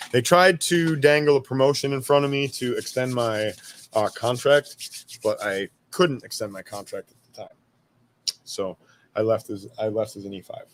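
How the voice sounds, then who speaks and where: A man's voice: medium pitch, normal speed, slight background noise. A laid-back man in his thirties with an ordinary mid-range voice, telling war stories in a loose, casual flow. He swears freely and often laughs at his own punchlines. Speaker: guest, army veteran. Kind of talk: casual storytelling interview.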